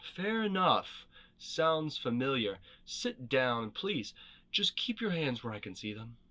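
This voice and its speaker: A man voicing a gruff, wary veteran male rebel leader in a storybook reading, talking in blunt, clipped and wry lines. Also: medium pitch, big pitch swings, takes it slowly, pushed and bright, exaggerated voice.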